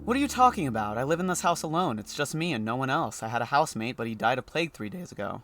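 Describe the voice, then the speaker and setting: A man voicing a paranoid, agitated man who is locked in his house, reading his lines in a shrill, pleading way. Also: expressive, normal speed.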